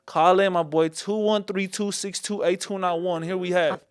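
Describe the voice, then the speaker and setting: A man's voice: high-pitched, fairly even intonation, normal speed, smooth, no echo, studio quality. A man hosting a casual call-in podcast, full of street slang and calling everyone "my boy" and "fool". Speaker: podcast host taking call-ins.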